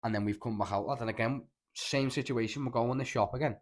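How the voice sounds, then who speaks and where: A young man with a Scouse accent telling rambling, animated stories in casual podcast chat, full of slang and swearing. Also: medium pitch, fast talker. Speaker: podcast host.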